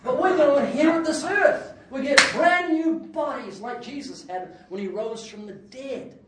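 A man preaching a sermon with lots of jokes and his own laughter, breaking into sudden loud outbursts. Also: extremely high pitch, normal speed. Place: church hall. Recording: echoey hall, distant mic, faint noise.

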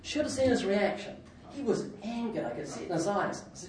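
A man preaching a sermon with lots of jokes and his own laughter, breaking into sudden loud outbursts. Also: high-pitched, expressive, quick pace, a crowd in the background. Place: church hall. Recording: echoey hall, distant mic, faint noise.

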